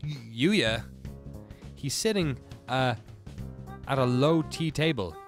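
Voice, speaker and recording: A man's voice: medium pitch, measured pace, faint music behind. A man hosting a casual let's play, joking irreverently and reading scenes aloud. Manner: joking, irreverent, laughs often. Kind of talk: casual gameplay commentary.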